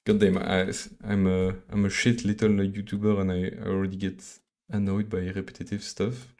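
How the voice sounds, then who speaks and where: A Belgian man with a French accent live-codes on a stream, thinking aloud in a halting, mumbling way with lots of fillers and restarts. His voice is low, warm, and level in tone.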